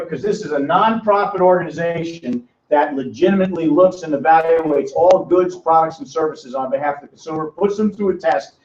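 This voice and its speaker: An older man leads a small classroom seminar, his voice pitched high as he prods and teases his audience. He sounds distant in a reverberant room. The recording is muffled and lo-fi. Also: darkish tone. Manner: teasing, quizzes audience by name. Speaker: financial educator. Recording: roomy, distant, dull lo-fi sound.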